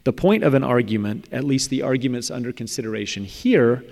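A man reads a prepared paper aloud, measured and academic. His voice sits at an ordinary middle pitch. A long reverb from the hall trails behind each phrase. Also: lively intonation, vocal fry, darkish tone. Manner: measured, academic, with occasional slips and restarts. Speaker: speaker presenting a paper on religious apologetics. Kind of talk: reading a prepared talk aloud.

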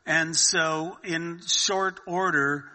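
A man with a very bright, forward tone tells a story slowly and without hurry, pausing on fillers and restarting his sentences. His voice rings with the long reverb of a hall. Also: on the high side, fairly even intonation. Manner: unhurried, with many fillers and restarts. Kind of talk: casual storytelling chat.

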